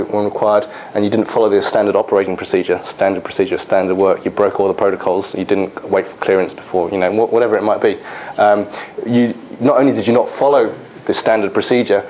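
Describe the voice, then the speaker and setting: A man's voice: fairly low pitch, darkish tone, a little hiss or hum, rough recording. A man giving a lecture, telling workplace stories with many fillers and restarts. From England. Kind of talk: anecdotal lecture.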